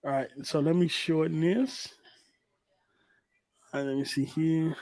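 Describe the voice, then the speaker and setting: A man's voice: fairly high pitch, fairly even intonation, measured pace, a little mellow, no room sound. A man hosting a casual gaming livestream, talking loosely and with plenty of profanity while he sets up clips. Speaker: livestream host.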